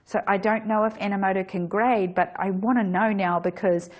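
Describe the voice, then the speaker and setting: A woman's voice: medium pitch, fairly even intonation, moderate pace, darkish tone. A woman photographer giving a casual workshop talk, chatty, with frequent restarts and self-corrections.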